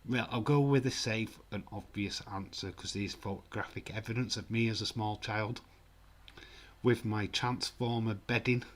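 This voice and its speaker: An English man in his forties with a Yorkshire accent hosts a casual livestream, reading out viewer comments. His lowish voice has fairly even intonation and a moderate pace, and he jokes, laughs often, and swears mildly.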